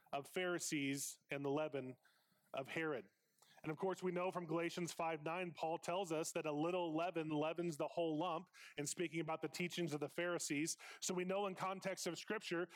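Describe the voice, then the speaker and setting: A man preaching a conversational sermon, stressing points through repetition and putting rhetorical questions to the congregation. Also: high-pitched. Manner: emphatic, repeats phrases for stress.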